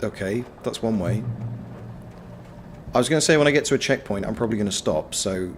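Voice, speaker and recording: A man giving casual, sweary live commentary on a game, yelling at enemies and chatting with viewers. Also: on the low side, lively intonation, a little fast, slight background noise. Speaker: game streamer.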